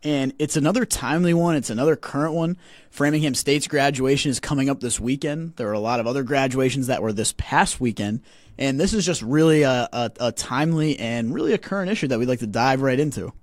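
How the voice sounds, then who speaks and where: A man in his twenties hosting a casual podcast, talking in an animated way and often repeating words as he starts sentences. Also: mid-range voice, brisk, dry recording, clean studio sound. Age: 20s. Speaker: podcast host.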